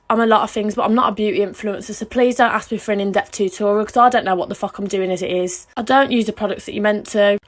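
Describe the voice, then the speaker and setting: A woman chatting through a makeup vlog, cheeky and self-mocking. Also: medium pitch.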